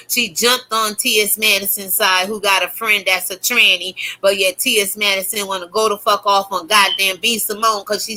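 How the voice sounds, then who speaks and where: A woman's voice: medium pitch, bright, forceful tone, rough recording. A woman YouTuber preaching in a fiery, profane rant to her viewers. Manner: fiery, preachy, heavy cursing. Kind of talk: religious rant to camera.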